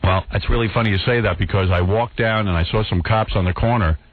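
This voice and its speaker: A man's voice: fairly low pitch, quick pace, no room sound. A man hosting a radio show, telling a story in a casual New way and acting out the quotes. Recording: dry, tinny phone-like radio audio.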